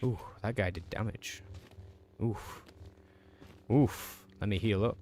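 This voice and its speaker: A man live-streaming a video game, chatting casually with viewers and reacting out loud as he plays, talking quickly. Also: lowish voice, slight background noise. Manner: talks quickly in a relaxed, chatty way.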